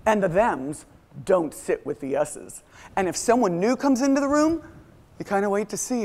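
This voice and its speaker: A middle-aged woman giving a motivational talk to a live audience, telling stories with lively acted-out voices. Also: medium pitch, moderate pace. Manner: animated storytelling, acts out quoted voices. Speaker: motivational speaker.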